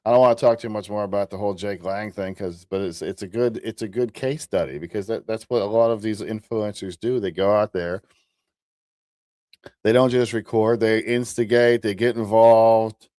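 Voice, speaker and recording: Low-voiced man with mocking, sarcastic commentary. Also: steady tone, normal speed, warm tone, no room sound, clean studio sound. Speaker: host and commentator. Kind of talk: commentary over played clips.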